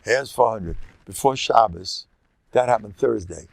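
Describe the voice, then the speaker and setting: An older man with a gravelly voice delivers a rabbi's lecture as lively storytelling, full of halting restarts and sprinkled with Yiddish and Hebrew words. He often leaps into a high, excited pitch and laughs at his own tales. There's no echo.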